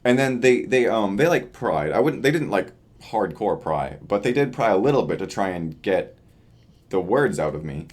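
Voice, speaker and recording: Deep-voiced young man rambling tiredly. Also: big pitch swings, normal speed. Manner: rambling, loose and chatty with many fillers. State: tired from lack of sleep. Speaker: vlogger. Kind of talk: casual weekly video diary. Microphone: camera facing him.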